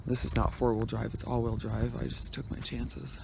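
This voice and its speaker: Speaking at a moderate pace in a medium-pitched, creaky, level voice, a man vlogs his road trip from an outdoor forest campsite. He chats casually to a handheld phone, rambling and trailing off, while wind buffets the audio and crickets chirp in the background.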